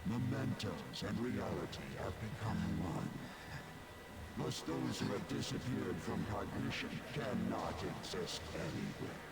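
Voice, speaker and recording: An actor playing a contemptuous, god-like male villain in a video game, speaking slowly and condescendingly over game music. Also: fairly low pitch, expressive, gravelly, heavy background noise. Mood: cold. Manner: slow, cold, condescending pronouncements.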